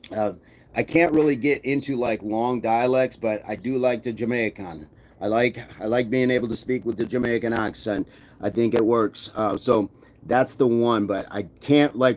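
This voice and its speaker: A man's voice: medium pitch, darkish tone. A man hosting a fitness livestream, chatting casually and reading out viewer comments in an easygoing, rambling way. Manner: easygoing, rambling with many fillers. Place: home gym.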